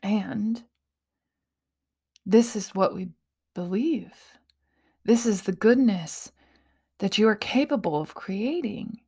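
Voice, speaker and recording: A woman hosting a casual motivational talk, playful and quick to laugh at herself, often dropping into breathy whispers. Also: mid-range voice, mellow.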